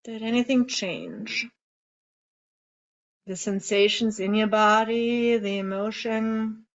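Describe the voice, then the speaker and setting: A woman coaching a group through emotional tapping, guiding gently and voicing example feelings aloud. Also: fairly high pitch, fairly even intonation. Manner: slow, soothing guidance with emotive example lines. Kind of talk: guided group coaching session. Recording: slightly dull lo-fi call audio.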